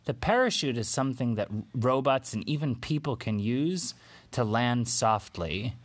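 Man telling a made-up bedtime story, slow, gentle, with pauses and fillers. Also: mid-range voice, expressive.

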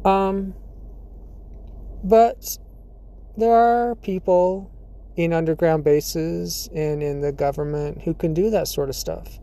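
A podcast host talking alone in a casual monologue, laughing often between thoughts and pausing with fillers and throat clearing. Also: medium pitch, steady tone, warm tone.

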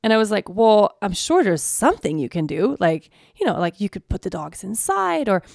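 A woman in her thirties hosting a podcast, telling a personal story in a casual, lively way and acting out the voices of the people in it. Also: mid-range voice, moderate pace, gravelly, no echo, studio quality. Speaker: podcast host.

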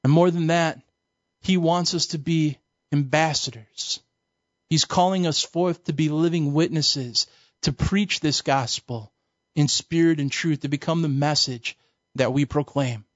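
A man's voice: a little high, measured pace, no room sound. Emphatic man preaching a teaching lesson. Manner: emphatic, colloquial preaching with storytelling. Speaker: Bible teacher. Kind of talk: sermon-style teaching lesson. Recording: dull, dry recording.

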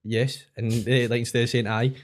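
A man with a Glaswegian accent, a comedian guest telling animated anecdotes in casual chat and acting out the voices. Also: mid-range voice, fast. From Glasgow, Scotland. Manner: animated anecdotes, acts out voices, says "aye" a lot.

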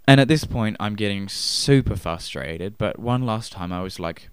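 Low-voiced man telling a comic story. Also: normal speed, few pauses, smooth, no echo. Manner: builds exasperation, voices both sides of the exchange. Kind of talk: comedic anecdote storytelling.

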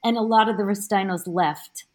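A woman guest on a podcast, a teacher, chatting and explaining in a halting way with many restarts, heard over a remote call. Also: medium pitch, slight background noise. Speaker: guest, teacher of Italian studies. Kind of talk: casual podcast chat.

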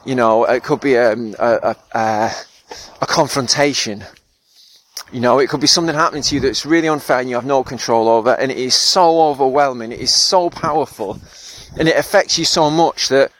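A man's voice: mid-range voice, a little fast, fairly bright tone. A man hosting a solo podcast, reflecting in a thoughtful, self-deprecating way with fillers and frequent laughs. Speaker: podcast host and therapist.

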